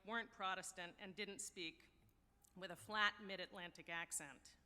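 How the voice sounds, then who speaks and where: American woman, university official, podium speech, bright voice, long hall reverb. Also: mid-range voice. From United States. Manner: wry, anecdotal, measured. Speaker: university deputy provost. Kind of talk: ceremonial address. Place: large ceremony hall.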